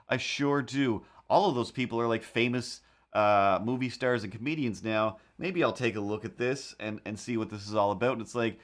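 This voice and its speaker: Man, streamer, casual rambling chat, animated storytelling, home setup. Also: mid-range voice. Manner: rambling, animated storytelling with quick put-on voices. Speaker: livestream host. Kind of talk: casual chat while drawing.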